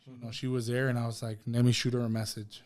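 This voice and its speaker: This podcast guest, a man, speaks fast in a mid-range, somewhat mellow voice with little pitch movement. Sharing a personal story casually, he quotes dialogue as he retells it and keeps dropping "right?" and "bro."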